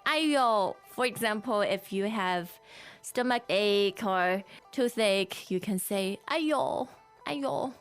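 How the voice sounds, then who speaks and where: A woman, Mandarin her first language, co-hosts a language lesson and models Chinese phrases by repeating them. Her speech is slow and unhurried, her pitch a touch high and lively. Faint music plays underneath. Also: smooth. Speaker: Mandarin teacher co-host.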